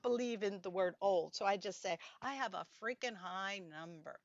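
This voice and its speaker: A woman's voice: medium pitch, normal speed, no echo, dull audio. An older woman from Pennsylvania doing a stand-up comedy routine, telling chatty stories with playful punchlines.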